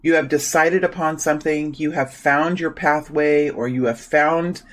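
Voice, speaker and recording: A man doing a solo tarot reading, speaking softly and repeating invocations while shuffling, with his morning voice. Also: a little high, steady tone, measured pace, low-quality recording. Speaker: tarot reader.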